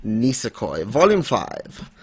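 A man hosting a laid-back discussion, wandering through his points with ums and chuckles. His voice sits at a middle pitch. The recording is dry and close. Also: wildly swooping pitch, slow pace, darkish tone, breathy edge, dry recording. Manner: rambling, with fillers and laughs. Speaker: podcast host. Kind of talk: casual manga discussion.

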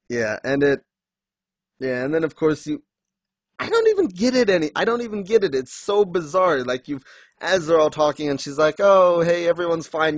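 A man's voice: medium pitch, no echo. Chatty man recapping with acted-out quotes. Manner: acts out characters' lines in quick voices, laughs often. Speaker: podcast co-host discussing a manga. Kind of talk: casual chat.

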